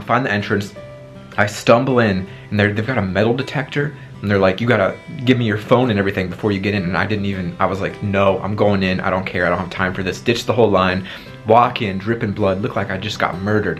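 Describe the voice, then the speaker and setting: A man's voice: fairly low pitch, steady tone, quick pace, a bit bright, faint music behind. A man in his twenties telling a dramatic personal story on his vlog, acting out his own past lines, with a sore throat. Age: 20s. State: sore throat after tonsil surgery. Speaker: vlogger.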